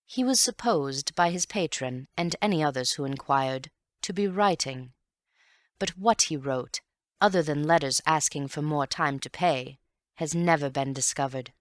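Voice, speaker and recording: A woman with a low voice reads a classic mystery aloud in a measured, wry way. The sound is dry and close, with no room around it. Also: dry recording. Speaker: audiobook narrator. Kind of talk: scripted narration.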